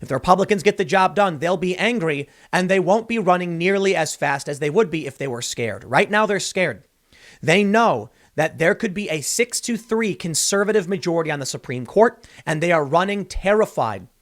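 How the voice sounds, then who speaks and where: A man's voice: high-pitched, expressive, normal speed, a bit bright. A man hosting a political commentary show, reading news excerpts aloud and breaking in with casual remarks like "dude" and "man".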